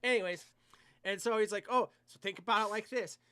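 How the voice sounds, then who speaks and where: A man telling a long, rambling, profane anecdote in casual podcast chat, animated and quick to swear. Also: high voice, clear, resonant tone, no echo. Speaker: podcast co-host.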